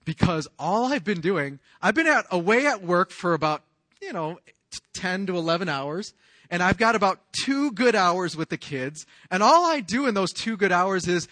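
A man in his thirties preaching a sermon in an earnest, confessional way, moving from hushed lines to loud raised outbursts. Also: sits high, expressive, moderate pace, no room sound. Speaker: pastor.

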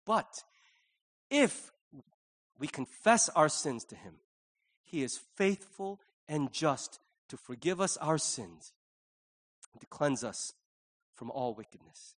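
A man's voice: on the high side, expressive, slow, pauses often. A middle-aged male pastor preaching a conversational sermon, acting out little quoted voices along the way.

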